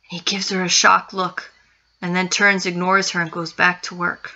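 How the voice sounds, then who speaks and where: A woman's voice: fairly low pitch, fairly even intonation, measured pace, sharp tone. A woman narrating a spooky story with suspense, repeating phrases for effect. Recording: dull lo-fi recording.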